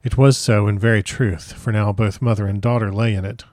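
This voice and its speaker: A man reads a classic novel aloud in a measured, solemn voice. His pitch sits low and the recording is dry and close, with no room sound. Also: steady tone, darkish tone, dry recording. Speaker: audiobook narrator. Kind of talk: first-person literary narration.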